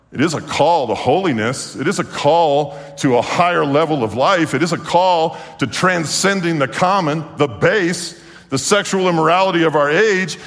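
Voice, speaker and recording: A male preacher giving a sermon, animated and fervent, swinging from hushed storytelling to exclamations. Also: fairly high pitch. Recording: long hall reverb.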